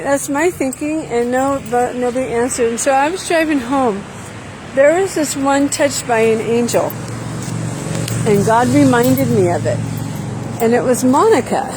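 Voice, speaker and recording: A woman's voice: sits high, background noise. Chatty woman telling a story. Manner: animated, acts out quotes, frequent fillers. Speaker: vlog host. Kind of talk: casual storytelling chat. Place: outdoors, walking.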